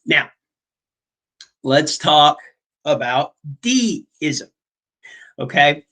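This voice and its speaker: A man's voice: fairly high pitch, expressive, very slow, sharp tone, poor audio. A male teacher giving a casual classroom lecture, chatty and full of fillers, often checking in with "okay?".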